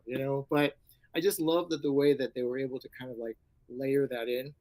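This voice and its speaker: A middle-aged man, an actor and karate instructor, telling stories in a casual interview, animated and acting out voices, with many fillers. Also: medium pitch, a little fast, rough recording.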